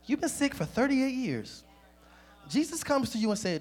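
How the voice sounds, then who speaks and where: A man preaching a sermon, talking lively and directly to the congregation. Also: sits high, brisk.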